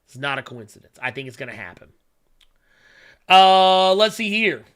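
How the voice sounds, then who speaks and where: A man's voice: high-pitched, sing-song, moderate pace, a bit bright, clean tone. A man hosting a casual solo show, rambling with many fillers, humming while he reads viewer chat and turning blunt and profane when he rants. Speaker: podcast host.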